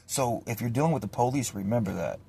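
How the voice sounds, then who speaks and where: A man's voice: mid-range voice, fast, creaky, a little hiss or hum. A man telling a casual, profane story and acting out the voices of the people in it. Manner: profane, animated, acts out voices.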